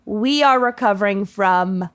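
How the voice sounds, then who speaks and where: A woman co-hosting a podcast, chatting casually with friends and laughing easily. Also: mid-range voice. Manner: relaxed, laughing, unhurried banter. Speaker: podcast co-host. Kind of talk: casual chat.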